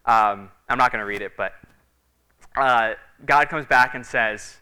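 A man's voice: mid-range voice, measured pace, sharp tone, clean tone. A man preaching a sermon in a conversational, storytelling way, with frequent fillers, acting out the voices of the people in his stories.

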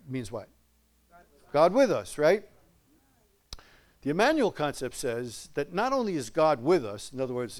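A man's voice: medium pitch, a little mellow. An older man preaching a conversational sermon, folksy and chuckling, often asking his listeners questions.

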